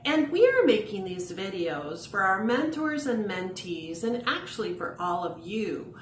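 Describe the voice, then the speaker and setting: A woman's voice: mid-range voice, very animated, measured pace. A woman, a mentoring coordinator, giving a friendly, chatty and encouraging talk to camera from home. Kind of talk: casual instructional talk to camera. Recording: echoey room with faint noise.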